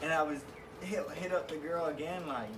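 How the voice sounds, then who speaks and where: A man's voice: fairly high pitch, fairly even intonation, normal speed. A man casually telling a story as a cowboy, easygoing and laughing through his lines. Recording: distant mic with clear background noise.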